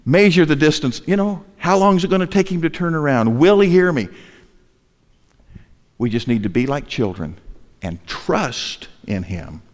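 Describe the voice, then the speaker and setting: An older pastor addresses his congregation in a large church hall, telling a funny, self-deprecating story and asking rhetorical questions. His fairly high voice swings widely in pitch at normal speed, with the hall's acoustics audible.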